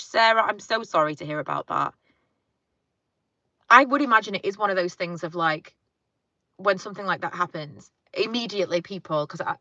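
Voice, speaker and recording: A woman's voice: lowish voice, fairly bright tone, dry recording, dull audio. A woman chatting casually in her car, reading viewer comments and rambling with lots of fillers. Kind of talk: casual car chat live stream. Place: inside a parked car.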